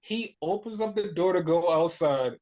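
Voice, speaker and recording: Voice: medium pitch, moderate pace, lo-fi sound. A podcast host recapping in casual chat, swearing freely and acting out quotes. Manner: profane, animated retelling with voiced quotes.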